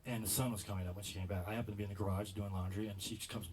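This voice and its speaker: A man doing a stand-up routine, rambling and stammering as he tells stories, jumping into loud quoted voices. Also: lowish voice, steady tone, racing, slight background noise, poor audio. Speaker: stand-up comedian.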